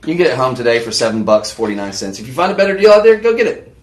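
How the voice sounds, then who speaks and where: Male home-shopping host, rambling live pitch, mid-pitched voice, roomy studio. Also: sing-song, racing. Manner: rambling, chatty, lots of fillers and restarts. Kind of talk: live on-air sales pitch.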